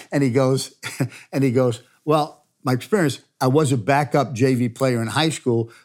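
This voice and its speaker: A man's voice: mid-range voice, a little slow. Older man telling a coaching story. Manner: animated storyteller, laughs while telling stories. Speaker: former football coach and CEO, guest. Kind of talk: storytelling interview answers.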